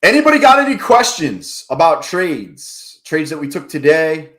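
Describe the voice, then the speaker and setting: A man's voice: on the high side, big pitch swings, moderate pace, fairly bright tone. Loose, profane man chatting on a stream. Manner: loose, profane, joking banter with chat. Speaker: livestream trading host. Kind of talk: casual live-stream chat.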